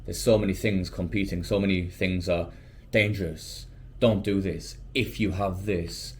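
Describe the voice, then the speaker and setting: A British man chats casually to camera in a lowish voice. He is animated and often slips into quoted voices as he compares everyday rules. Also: a little slow, a little hiss or hum. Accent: British English. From United Kingdom. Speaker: English teacher and vlogger.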